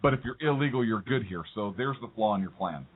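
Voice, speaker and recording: A man's voice: lowish voice, animated, fast. A man co-hosting a radio talk show, teasing and rambling through political banter. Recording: phone-like narrow audio.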